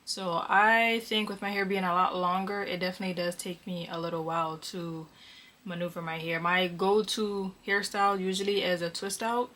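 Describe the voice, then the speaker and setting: Low-voiced young woman chatting casually. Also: moderate pace. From Connecticut. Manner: relaxed, chatty, with frequent fillers. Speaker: vlogger. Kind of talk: casual Q&A chat.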